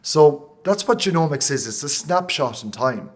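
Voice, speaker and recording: A man with an Irish accent, a company founder answering interview questions in a passionate, emotional way, with quick bursts and many restarts. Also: on the high side, expressive. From Ireland. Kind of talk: interview conversation.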